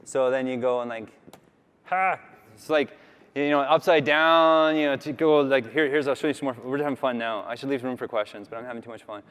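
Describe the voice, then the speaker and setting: A man from Canada gives a loose, filler-heavy conference talk with a live demo. His voice is smooth and clear, at an ordinary pitch. Long reverb from a large hall hangs on his words. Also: brisk, fairly bright tone. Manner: chatty, rambling, filler-heavy. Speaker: conference speaker.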